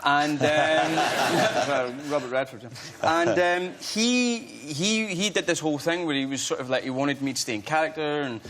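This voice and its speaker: A man's voice: on the high side, measured pace, hardly any pauses, a bit bright, slight background noise. A Scottish man, a guest actor, chatting casually on a talk show, self-deprecating and laughing as he tells stories. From Scotland.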